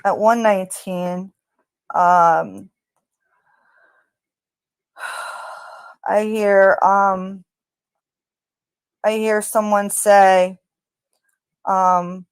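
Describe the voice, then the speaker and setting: A woman's voice: mid-range voice, slow, pauses often, clear, resonant tone, dry recording. A woman reading out what she hears on a recording, line by line, with hesitant fillers between quotes. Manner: recounts quoted lines flatly, with hesitant fillers. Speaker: recording analyst narrator. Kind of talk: reading out an audio transcript.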